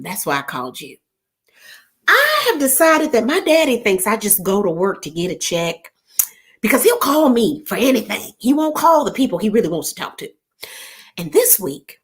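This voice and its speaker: A woman hosting an online gathering, telling a story in a chatty, animated way and jumping between asides. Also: medium pitch. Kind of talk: casual storytelling chat.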